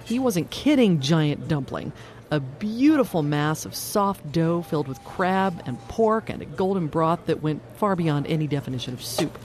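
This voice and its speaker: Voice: medium pitch, animated, moderate pace, darkish tone. Friendly, curious radio host. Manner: friendly, curious, asks short questions. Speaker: radio show host and reporter. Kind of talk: scripted narration mixed with casual interviewing. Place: inside a car at a drive-thru, then a restaurant.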